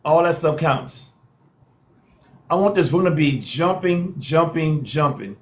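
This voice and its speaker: A man's voice: on the high side, takes it slowly. A man hosting a live social stream, hyping viewers with repeated calls to follow and share and playful trash talk.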